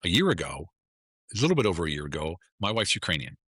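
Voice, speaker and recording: A man's voice: deep voice, very animated, fast, a bit bright, breathy edge, no room sound, clean studio sound. A middle-aged American man, a guest on a casual podcast, talking in a blunt, emphatic way and often repeating himself. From United States.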